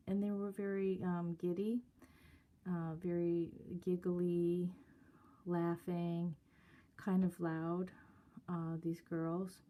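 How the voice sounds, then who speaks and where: A woman's voice: on the low side, steady tone, slow, long pauses, dark tone. A woman telling a story to camera in a casual, hesitant way. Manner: hesitant, many fillers. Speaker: vlogger.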